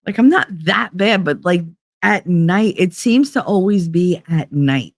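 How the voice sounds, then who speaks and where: A woman's voice: lowish voice, animated, a little slow, no echo, clean studio sound. A middle-aged woman hosting a casual live stream, talking candidly and profanely, laughing often and acting out voices of people she quotes. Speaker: livestream host.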